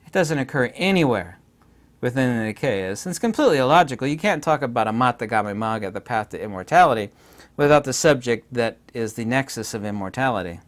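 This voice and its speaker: A man giving an unscripted philosophy lecture, emphatic and insistent, repeating his points and pausing on frequent hesitations. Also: mid-range voice, expressive.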